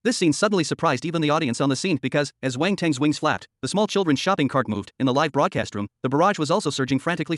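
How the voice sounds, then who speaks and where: A man narrating a comic story recap in a steady, scripted storytelling read. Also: on the high side, quick pace, hardly any pauses, dry recording, clean studio sound.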